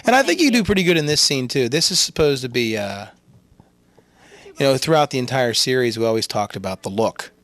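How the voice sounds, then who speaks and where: A man's voice: medium pitch, fairly quick. A man directing the show, chatting and teasing on a DVD commentary track. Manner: lively, teasing, talks over the scene.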